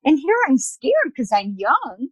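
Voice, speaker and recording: A woman guest on a podcast interview, telling personal stories in a lively, chatty way and acting out the dialogue. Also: high voice, measured pace, dry recording, rough recording. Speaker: guest, spiritual medium. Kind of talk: casual storytelling in an interview.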